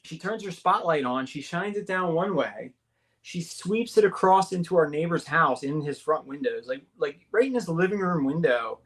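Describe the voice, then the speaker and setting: A man, a guest on a radio show, tells an experience of his own in an animated way, filling his talk with "like" and "right?" and raising his voice to act out the people he quotes. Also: normal speed. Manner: excited, repetitive, uses many fillers and tag questions; acts out the quoted voices, jumping higher for them. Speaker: guest recounting an abduction experience. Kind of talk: animated personal storytelling. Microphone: call-in or studio mic on a talk radio show.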